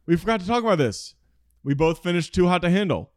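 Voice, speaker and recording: A man from North Carolina chatting casually with a friend, laughing often. His voice sits slightly high and moves around a lot. The recording is dry and close. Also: animated, fast talker, dry recording. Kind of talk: casual comedic chat.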